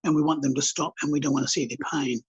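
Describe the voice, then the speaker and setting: A man, a counsellor, telling stories calmly and earnestly in a podcast interview, with blunt colloquial words. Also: on the high side, fast talker, breathy edge. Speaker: counsellor and healer guest. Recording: dull lo-fi podcast audio.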